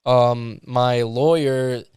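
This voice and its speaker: A man from Canada, a musician guest, telling a story in casual chat, animated and full of "like". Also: mid-range voice, drawn-out words, clear, resonant tone, dry recording, studio quality. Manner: animated, filler-heavy with lots of "like".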